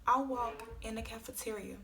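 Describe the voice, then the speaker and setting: A woman's voice: a little high, fairly even intonation, normal speed, a crowd in the background. A young woman vlogger telling an emotional story in a casual, slangy, tearful rush.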